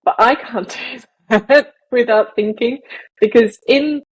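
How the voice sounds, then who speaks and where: Podcast co-host, woman from Malaysia, husky voice, chatty explainer. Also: a little high, takes it slowly, rough recording. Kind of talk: casual chat.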